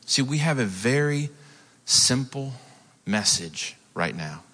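A man preaching a sermon, telling the story with lively asides and acted-out quotes. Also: slow pace. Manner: storytelling, acts out quotes with rising pitch. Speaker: pastor. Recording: long hall reverb.

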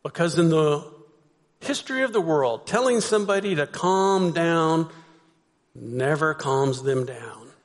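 Man, pastor, conversational sermon, rhetorical questions, fairly high voice, long hall echo. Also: expressive, measured pace.

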